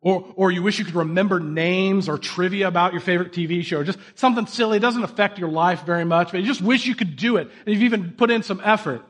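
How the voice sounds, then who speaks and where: A man preaching a sermon in a relaxed, conversational way, telling self-deprecating stories and asking the listeners direct questions. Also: sits high, quick pace, hardly any pauses, slightly rough.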